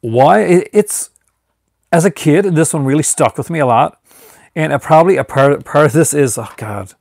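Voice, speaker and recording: A man's voice: mid-range voice, creaky, no echo, studio quality. A man from Newfoundland, Canada, chatting casually on a live stream and rambling through restarts and fillers.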